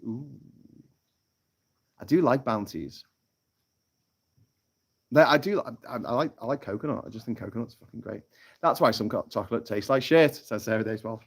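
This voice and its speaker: A man hosting a casual live stream from a tropical island, reading out chat comments and telling sweary jokes. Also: fairly low pitch. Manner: chatty and sweary, telling jokes with lots of laughter. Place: off-grid tropical island, from a hammock.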